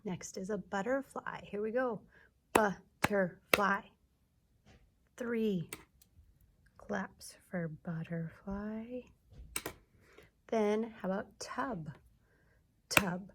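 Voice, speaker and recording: A woman teacher giving a video lesson to young children, sounding out words slowly and clearly. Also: medium pitch, background noise. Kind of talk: early-grades classroom video lesson.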